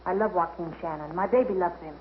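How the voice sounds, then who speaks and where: A woman's voice: fairly low pitch, fast, close to an everyday voice. A woman plays a young mother in an old film who stands her ground and speaks firmly and plainly. Her voice sounds a little muffled and dull, with a faint hiss behind it. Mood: defiant. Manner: firm, defiant. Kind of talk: 1940s film acting.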